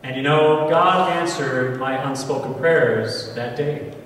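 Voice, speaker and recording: A man in his forties with an American accent, a priest telling a personal story in a homily, earnest and slow with emphatic pauses. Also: medium pitch, fairly bright tone, a little hiss or hum. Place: large church. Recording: echoey church hall from far off.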